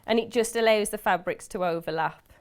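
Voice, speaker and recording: A woman's voice: medium pitch, brisk. A woman from Wolverhampton with a Black Country accent, chatting as a guest crafter while she walks through a sewing demonstration step by step. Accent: Black Country English. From Wolverhampton, England. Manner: chatty, explains steps as she works.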